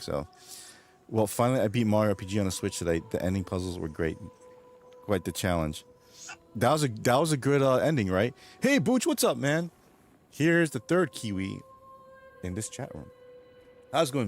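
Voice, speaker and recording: A man's voice: on the low side, animated, normal speed, faint music behind. A man streaming and chatting casually with his viewers, rambling, swearing, and laughing often. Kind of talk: casual livestream chat.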